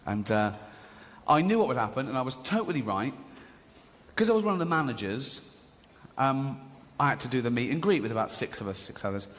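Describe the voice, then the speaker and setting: An English man doing a stand-up comedy set, swinging into high squeaky exclamations and quick impressions. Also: very animated, a bit bright. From England. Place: large theatre stage before a laughing audience. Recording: live hall recording with audience noise.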